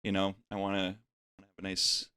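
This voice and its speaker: A man in his thirties from Nova Scotia with a faded Nova Scotian accent, chatting casually on a podcast, animated and swearing freely. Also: low voice, moderate pace, smooth, dry recording, studio quality. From Nova Scotia, Canada. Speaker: podcast co-host, business owner. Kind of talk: casual chat.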